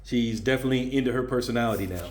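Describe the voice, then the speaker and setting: A man's voice: medium pitch, racing. A man vlogging in a casual, candid, rambling way, sometimes talking to a puppy. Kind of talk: casual vlog talk. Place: Thailand, indoors and out. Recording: noisy street ambience.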